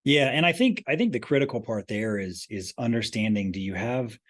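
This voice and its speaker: A man's voice: mid-range voice, expressive, fairly quick. A man, a company president, talking earnestly as a podcast guest, often restarting his phrases and pressing hard on key points. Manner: earnest, emphatic, many restarts. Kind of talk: podcast interview.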